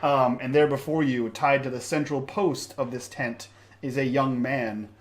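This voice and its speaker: A man narrating as game master of a tabletop game, halting with many fillers. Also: mid-range voice, steady tone. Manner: halting, with many ums and uhs.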